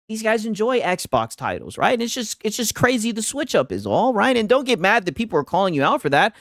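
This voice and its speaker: A man's voice: sits high, very animated, a bit bright, faint music behind. A man reacting to video clips in casual commentary, mocking and laughing as he talks over them. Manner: mocking, laughing, drawn-out asides.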